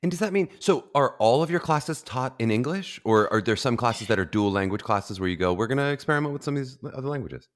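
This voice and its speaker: A man hosting an interview, asking questions in a quick, chatty, lively way. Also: medium pitch. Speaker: podcast host. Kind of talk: casual interview talk.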